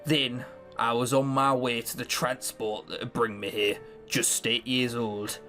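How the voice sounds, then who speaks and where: A man voicing a cold, guarded young woman rebel haunted by loss, in a gruff, slow and grave voice, reading a game aloud. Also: little pitch movement, pushed and bright, faint music behind. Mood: grim. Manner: slow, low and grave delivery.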